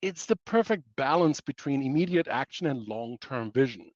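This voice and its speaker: A man's voice: mid-range voice, expressive, normal speed, a little mellow, dry recording, dull audio. A man presenting a webinar in a playful way, packed with pop-culture analogies and self-mocking asides.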